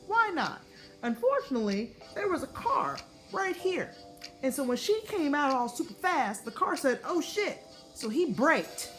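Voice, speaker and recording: A young adult woman from the United States telling a casual vlog story, swearing freely and acting out what people said in raised voices. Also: on the high side. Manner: animated, profane, acts out quotes in raised voices. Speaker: vlogger.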